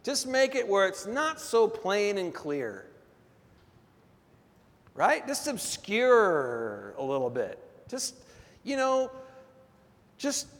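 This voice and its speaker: Male pastor, high voice, emphatic call-and-response sermon, long hall reverb. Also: sing-song, slow pace, long pauses.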